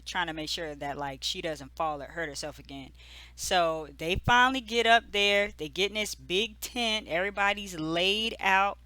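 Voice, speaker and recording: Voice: medium pitch, bright, forceful tone, smooth, no echo. A host giving a casual, gossipy episode recap, full of "like" and "you know". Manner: chatty, filler-heavy storytelling with lots of "like" and "you know"; amused, gossipy asides.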